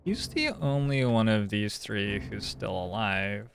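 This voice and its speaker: A man's voice: on the low side, expressive, unhurried, gravelly, slight background noise. A man streaming a puzzle game, thinking aloud in casual, musing commentary. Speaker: gaming streamer. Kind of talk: casual let's-play commentary.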